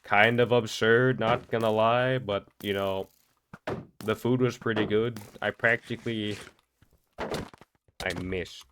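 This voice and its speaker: A young man with a fairly low voice talks fast and loose, rambling and tripping over his words as he narrates. He sounds wired and energetic from a sleepless night. Faint clicking runs underneath. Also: a little hiss or hum. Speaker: gaming vlogger. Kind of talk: casual commentary over gameplay.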